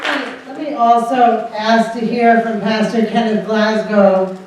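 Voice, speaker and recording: A woman moderating a panel at a summit. She is gracious and measured. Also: on the high side, steady tone, a little mellow, some chatter behind, slight background noise. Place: conference room at a summit. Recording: echoey hall, from far off.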